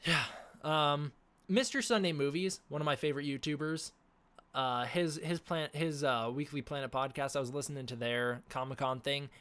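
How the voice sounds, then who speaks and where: Male streamer on a casual rant, scratchy sore throat, animated and full of fillers. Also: fairly high pitch, moderate pace, clean tone. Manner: animated, ranting, lots of fillers and restarts. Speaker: livestream host.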